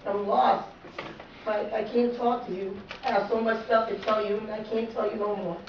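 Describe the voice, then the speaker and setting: A woman's voice: a little high, flat delivery, normal speed. A woman speaking at a funeral, plain and heartfelt. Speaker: daughter giving a eulogy. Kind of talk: emotional funeral speech. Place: funeral gathering indoors. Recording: distant, roomy, muffled and noisy.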